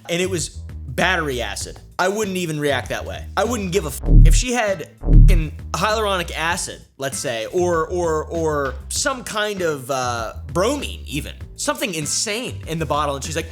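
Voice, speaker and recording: A man's voice: a little high, big pitch swings, normal speed, a bit bright, soft background music. A young man hosting a comedic reaction video, reading posts aloud and ranting bluntly with lots of swearing and sarcasm. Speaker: online reaction video host.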